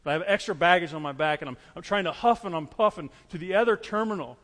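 High-voiced preaching man in a reverberant hall. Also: lively intonation, fast, fairly bright tone. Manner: earnest preaching with repeated phrases and illustrations. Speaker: pastor. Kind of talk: sermon.

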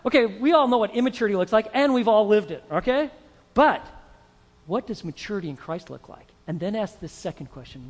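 High-voiced man preaching in a hall. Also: fairly quick. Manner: animated storytelling, acting out voices. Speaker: pastor. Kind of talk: sermon.

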